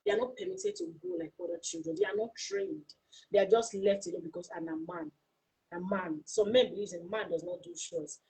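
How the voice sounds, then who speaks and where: A woman speaks with passion and a preaching tone, putting question after question to her listeners. Her voice is mellow and dark, with a strongly husky, breathy grain. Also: medium pitch, sing-song, brisk, low-quality recording. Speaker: host. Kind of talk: motivational talk.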